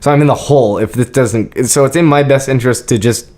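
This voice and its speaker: A man's voice: mid-range voice, fast talker. Chatty man telling a story. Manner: animated, laughs often, acts out quotes. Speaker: podcast host. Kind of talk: casual storytelling.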